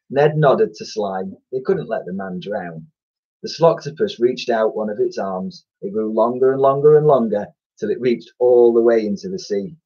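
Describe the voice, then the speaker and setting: A man's voice: fairly low pitch, mellow, breathy edge. A man with an English accent, a primary school teacher, reading a children's story aloud in a chatty way with fillers and self-corrections, recorded at home on a computer mic. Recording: dull lo-fi sound.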